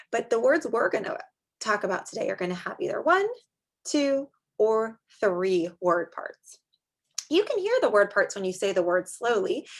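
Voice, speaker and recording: A young adult woman teaching a small group of young children in a slow, sing-song manner with drawn-out words. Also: medium pitch. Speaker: preschool teacher.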